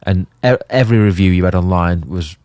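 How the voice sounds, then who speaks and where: A man's voice: deep voice, fairly quick, darkish tone, no echo. A man from the co-hosting a podcast, easygoing and agreeable in casual chat, using local slang. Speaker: podcast co-host. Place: indoor podcast studio.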